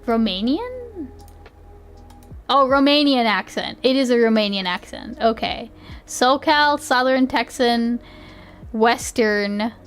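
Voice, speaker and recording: Giggly high-voiced woman streamer. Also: expressive, takes it slowly, long pauses, smooth, faint music behind. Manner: giggly, rambling with frequent restarts. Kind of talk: casual livestream chat.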